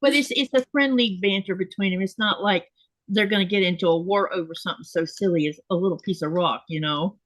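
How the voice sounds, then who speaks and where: A woman's voice: mid-range voice, brisk, dry recording, low-quality recording. Chatty woman host, dry close sound. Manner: chatty, rambling with restarts and laughs. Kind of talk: casual chat while sewing. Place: home craft desk.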